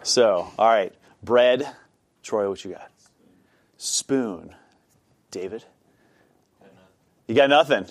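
A man's voice: fairly low pitch, slow, long pauses, no room sound. A man leading an informal Bible study class, chatty and self-deprecating, with many fillers.

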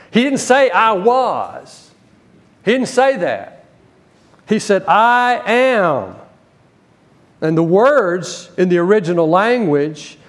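Guy teaching from the bible, kinda high voice, punches his points then goes quiet. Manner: emphatic, rising to stress key words then dropping low. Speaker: preacher.

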